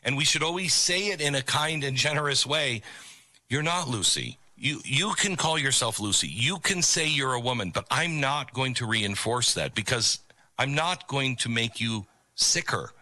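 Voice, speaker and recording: A man's voice: medium pitch, expressive, normal speed, bright, forceful tone, no room sound. A middle-aged man hosting an opinion commentary show, talking in an emphatic, preachy way about a video clip. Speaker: commentary host.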